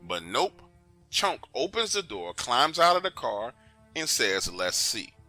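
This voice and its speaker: A man's voice: mid-range voice, very animated, unhurried, pushed and bright, faint music behind. A man narrating a true story in an emphatic, conversational way, often urging the listener to pay attention.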